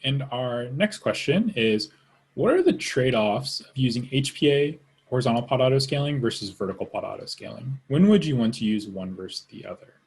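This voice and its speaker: A man moderating a webinar Q&A, reading out questions and giving measured technical explanations. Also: medium pitch, expressive, creaky, a little mellow, breathy edge.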